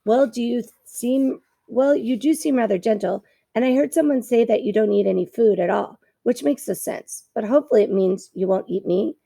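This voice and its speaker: A woman voicing a chatty, dramatic female opossum who gushes about performing, in a raised, gravelly voice. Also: fairly high pitch, normal speed, few pauses, dark tone, no echo, studio quality. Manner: dramatic, gushing. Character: theatrical chatty female opossum, a born ham.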